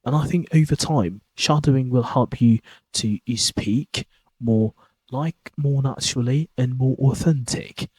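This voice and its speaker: Husky-voiced man giving a lesson. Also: mid-range voice, measured pace, a little mellow, dry recording, rough recording. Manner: rambling, many fillers and restarts. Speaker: podcast host teaching pronunciation. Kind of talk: informal spoken lesson.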